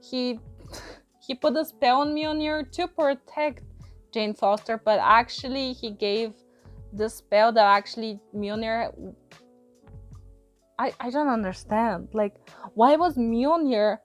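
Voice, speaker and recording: A woman's voice: fairly high pitch, slow pace, long pauses, soft background music. A woman giving a casual, rambling film review, exasperated and laughing often, repeating words as she restarts her sentences. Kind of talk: casual spoken movie review.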